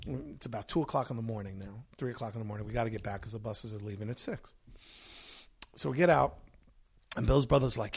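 A middle-aged man, a podcast guest, telling a story in an animated, profane way and acting out the other people's voices. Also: medium pitch, fast talker, creaky, breathy edge.

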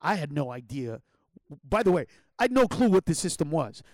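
A man's voice: on the high side, sing-song, fairly quick, a little mellow, no echo, clean studio sound. A man telling a childhood story in a loose, rambling way, with slang and many restarts. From Los Angeles area. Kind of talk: casual personal storytelling.

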